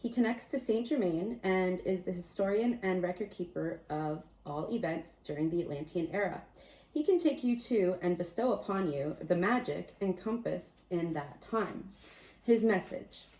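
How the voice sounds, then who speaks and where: Woman, fairly low voice, chatty card-reading host, distant mic, roomy sound. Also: animated, normal speed, warm tone. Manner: meandering, chatty, self-amused. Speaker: tarot and oracle card reader. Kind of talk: casual spiritual card reading.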